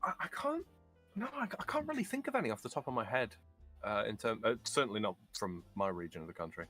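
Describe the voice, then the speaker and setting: A man with a bright, forward voice, talking as a guest on a casual podcast. He builds his points slowly, stumbling through fillers and restarts, and his pitch rises and falls a lot. He is heard on a close mic. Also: very animated, soft background music. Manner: halting, many fillers and restarts, measured argument. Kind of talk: casual political chat.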